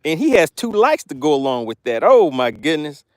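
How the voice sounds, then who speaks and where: A man hosting a fishing live stream outdoors, reading viewers' chat aloud in a playful, excitable way and laughing often. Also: a little high, fairly quick, dry recording, studio quality. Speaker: fishing channel host.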